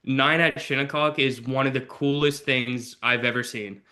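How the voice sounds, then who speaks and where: Brief: man guest from Canada, bright, forceful tone, quick casual chatter full of "like". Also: medium pitch, fairly even intonation. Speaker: guest, assistant golf course superintendent. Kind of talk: casual interview chat.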